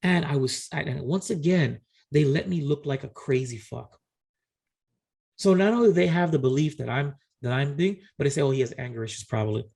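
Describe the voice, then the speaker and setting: A middle-aged man chats on a podcast, spinning a story with lively re-enacted dialogue and plenty of restarts. His voice sits slightly high for a man. It has a husky, gravelly edge. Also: moderate pace. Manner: animated, re-enacts conversations, frequent restarts. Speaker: podcast co-host. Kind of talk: casual storytelling chat.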